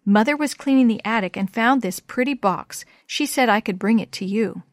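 A woman voicing a shy, poor little girl who speaks softly, almost in a whisper. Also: a little high, normal speed, no echo, lightly acted. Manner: shy, soft near-whisper.

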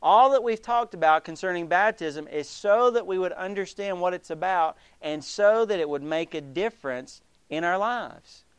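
A man preaching a sermon as pastor, emphatic and animated, acting out the voices of the people he quotes. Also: high-pitched, moderate pace, few pauses, clear, resonant tone, dry recording.

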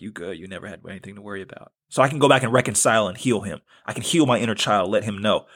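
Husky man giving an earnest spiritual talk. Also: on the low side. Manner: earnest, repetitive, casual slang. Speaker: podcast host. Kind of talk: spiritual self-help talk.

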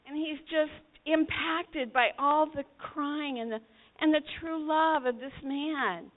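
A woman preaching a sermon, retelling a story with dramatic swings between hushed and shouted passages. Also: high voice, moderate pace. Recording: tinny phone-like sound.

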